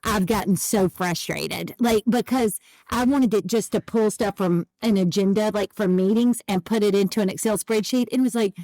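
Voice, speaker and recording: A woman's voice: medium pitch, moderate pace, dark tone, no room sound. A middle-aged woman co-hosting a podcast, telling exasperated stories in casual banter and acting out what others say. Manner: exasperated storytelling, quotes others in voices. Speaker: podcast co-host.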